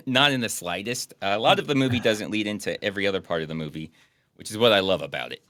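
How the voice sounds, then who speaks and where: Young male podcast host, laid-back and dry, low bright voice, dry room. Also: quick pace, no echo. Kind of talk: casual chat reviewing a movie.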